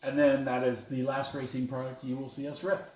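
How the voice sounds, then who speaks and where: A man's voice: medium pitch, flat delivery, brisk, darkish tone, echoey room. A man hosting a trading card break, rattling off card names with chatty asides to his viewers. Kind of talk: casual livestream commentary while opening packs.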